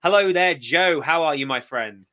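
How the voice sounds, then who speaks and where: Bright-toned male host for a casual fan chat, upbeat and driving the questions. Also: fairly high pitch, animated, moderate pace. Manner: upbeat, leads the talk with questions. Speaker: podcast host.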